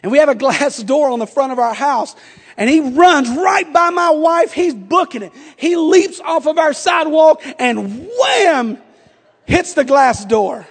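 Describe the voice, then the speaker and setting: A middle-aged man preaching a sermon, moving between quiet storytelling and shouted exhortation. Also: very high voice, expressive, measured pace. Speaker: pastor. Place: church sanctuary. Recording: long church reverb.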